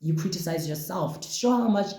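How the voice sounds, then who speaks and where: A man hosting a casual podcast monologue, talking in an animated, expressive way and exclaiming often. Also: sits high, brisk, echoey room. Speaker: podcast host.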